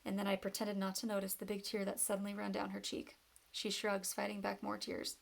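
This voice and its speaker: A woman reading a novel aloud in steady first-person storytelling. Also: mid-range voice, brisk, creaky. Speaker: reader.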